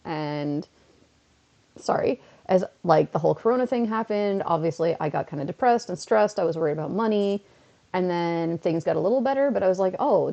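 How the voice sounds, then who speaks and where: A woman's voice: lowish voice, vocal fry, dark tone. A young woman chatting casually on a home livestream while playing a phone game, rambling from topic to topic and feeling a bit under the weather. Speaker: streamer. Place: indoors at home. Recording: dull lo-fi mic.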